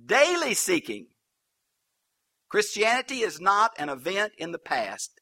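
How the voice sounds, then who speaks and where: A man's voice: high voice, wildly swooping pitch, measured pace, gravelly, pushed and bright. A man preaching a Bible teaching sermon, folksy and humorous with colloquial asides.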